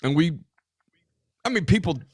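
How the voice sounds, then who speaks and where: A man co-hosting a casual sports talk show, talking in an emphatic way with quick asides and restarts. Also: fairly high pitch, expressive, darkish tone, no room sound, studio quality. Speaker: podcast co-host.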